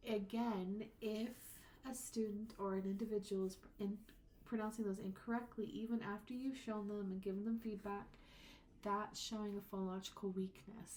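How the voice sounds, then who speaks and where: A woman instructor giving a recorded lecture. She explains with patience and says her example words slowly, drawing them out. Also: mid-range voice, flat delivery, darkish tone, slight background noise. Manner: slow, drawn-out example words.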